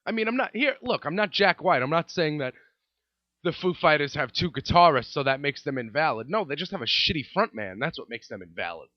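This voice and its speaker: A man's voice: a little high, sing-song, a little fast, dry recording. A man hosting a comedy podcast, ranting sarcastically and repeating his points. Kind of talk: comedic rant. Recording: dry, dull lo-fi sound.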